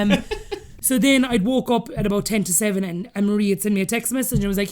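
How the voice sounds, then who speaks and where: A woman from Ireland with a Cork accent, in her thirties, rattles through a story at a quick clip. She is a guest on a podcast, chatting freely and breaking into laughter between phrases. Her voice sits at an ordinary middle pitch for a woman. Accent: Irish, Cork. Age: 30s. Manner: chatty, laughing often while telling stories. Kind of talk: casual storytelling interview.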